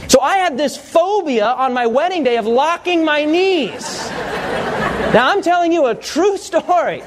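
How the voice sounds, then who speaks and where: A man's voice: extremely high pitch, unhurried, a faint crowd, slight background noise. A male pastor preaching a sermon, telling funny stories and quizzing the congregation. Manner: animated, humorous storytelling, quizzing the congregation.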